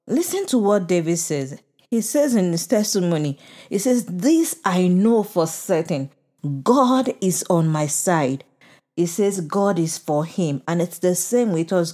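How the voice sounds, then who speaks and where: A woman delivering a devotional sermon, slow and emphatic, encouraging, with lots of repetition. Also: medium pitch, warm tone. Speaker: preacher.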